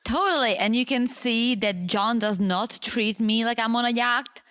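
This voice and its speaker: A woman co-hosting a casual podcast from an apartment, teasing and quick to laugh. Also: fairly high pitch, a bit bright. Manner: giggly, teasing. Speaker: podcast co-host. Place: apartment room.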